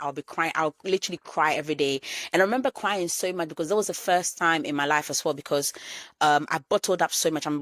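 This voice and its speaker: A woman's voice: low voice, dry recording. A woman in her thirties hosting a solo podcast, reflecting candidly and repeating phrases for emphasis. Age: 30s. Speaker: podcast host.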